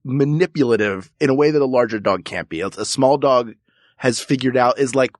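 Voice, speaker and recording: A man's voice: medium pitch, brisk, no room sound. Dry-sounding man, rambling comedic co-host. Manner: rambling, jokey, puts on silly voices. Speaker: podcast co-host. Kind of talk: casual comedic chat.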